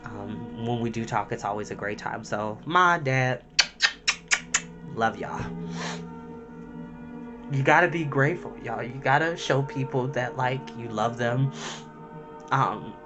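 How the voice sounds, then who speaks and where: A man's voice: medium pitch, fairly even intonation, takes it slowly, long pauses, dull audio, over loud music. A young man talking to camera as a storytime host, emotional and heartfelt, chatty and full of fillers. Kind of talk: personal talk to camera.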